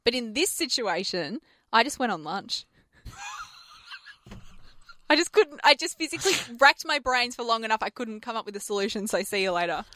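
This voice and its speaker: A woman's voice: fairly high pitch, normal speed, no room sound. A woman co-hosting a radio show, chatting casually and telling stories with lots of laughter. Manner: animated storyteller, laughs often. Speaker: radio co-host. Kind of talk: casual on-air banter.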